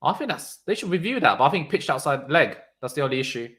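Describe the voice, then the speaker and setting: Excitable man commentating live cricket. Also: a little high, fast talker. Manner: chatty, reacts loudly to shots, reads out chat messages. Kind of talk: casual live watchalong commentary.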